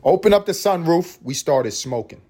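A young American podcast host tells a story in a casual solo chat at normal speed. He's animated, with big swings in pitch and loudness.

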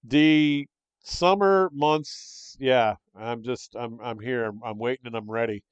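A man's voice: mid-range voice, slow, clean tone, dry recording. Rambling, chatty older man from Michigan. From Michigan, USA. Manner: rambling, chatty, with many fillers and restarts. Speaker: podcast host. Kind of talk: casual solo monologue. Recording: slightly dull, dry close-mic recording.

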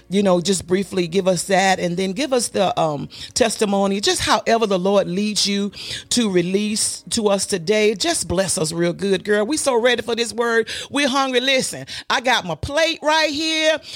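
A woman's voice: medium pitch, fairly bright tone, no room sound. A woman hosting a church program, introducing her guest with exuberant, affectionate, playful hype. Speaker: host.

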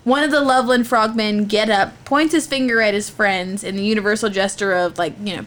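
A woman's voice: mid-range voice, moderate pace, few pauses, a bit bright. Podcast co-host, woman, casual joking storyteller, swears freely. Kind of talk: casual chat, retelling a legend.

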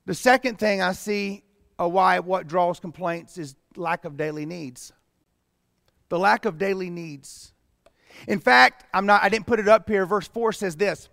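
A man pastor preaching a sermon with emphatic delivery that rises to loud exclamations. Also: sits high, measured pace, vocal fry, no echo, clean studio sound, big-room sound.

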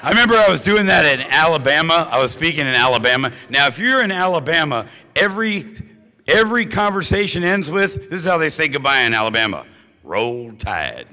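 A man's voice: fairly high pitch, expressive, fast, pushed and bright. A man speaking at a recovery meeting, telling his own story with humor and punchy jokes. He keeps checking in with the audience by asking "right?" and "you know?". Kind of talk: humorous personal-story talk to a live audience. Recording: live talk with long hall reverb.

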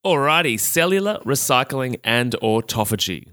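A man's voice: mid-range voice, expressive, moderate pace, sharp tone, no echo, clean studio sound. A young Australian man hosting a solo health podcast, talking in a chatty, upbeat and self-amused way with plenty of fillers. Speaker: podcast host.

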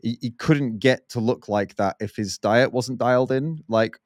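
A man hosting a podcast interview in a relaxed, agreeable way. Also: mid-range voice, moderate pace, no echo, studio quality. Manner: relaxed, agreeable, laughs along. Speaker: podcast host. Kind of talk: casual interview chat.

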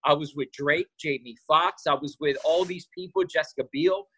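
Bright, animated storytelling man. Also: on the high side, moderate pace, husky. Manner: animated storyteller, acts out quotes. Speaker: podcast guest. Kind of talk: casual storytelling interview.

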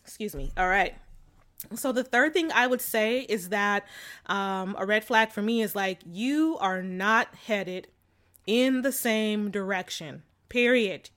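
Chatty woman talking straight to her viewers, mid pitch, lots of "like" and "you know", laughs a bunch, slangy and frank. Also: slow pace, a bit bright. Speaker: vlogger giving relationship advice. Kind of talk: casual chat to camera.

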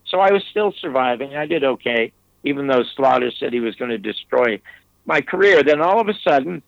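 A man's voice: medium pitch, lively intonation, fairly quick, creaky, dry recording. An older American man, an interview guest and former TV producer, telling an anecdote in an emphatic, digressive way with restarts. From United States. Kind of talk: anecdotal storytelling. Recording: dull, dry lo-fi audio.

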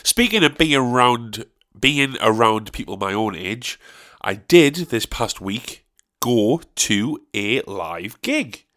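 On his own podcast, a North East English man rambles casually, swearing freely and drifting onto tangents. His mid-range voice is expressive and slightly bright, and he speaks slowly. The whole thing feels loose and meandering.

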